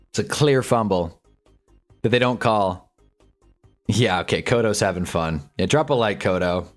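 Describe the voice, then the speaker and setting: A young man commentating live on football games for his stream, ranting at the refs and reacting fast to each play. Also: fairly low pitch. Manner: frustrated, ranting, quick reactions. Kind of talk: live sports watch-along commentary.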